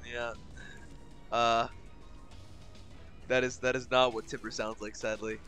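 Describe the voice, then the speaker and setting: A young man streams a game with loose, rambling commentary, swearing freely as he lurches between exasperation and giddy delight. His voice sits at an ordinary middle pitch, with faint music playing underneath. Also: level tone, takes it slowly, pauses often, pushed and bright, clean tone. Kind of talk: casual gaming commentary.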